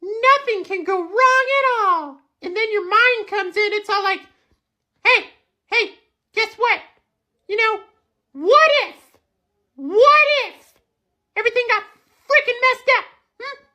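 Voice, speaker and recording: Elmo, a squeaky foul-mouthed puppet monster. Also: male voice, slow pace, long pauses, sharp tone, heavily acted. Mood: ranting. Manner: rambling, mock-dramatic, profane. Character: small furry red monster puppet, childlike, foul-mouthed.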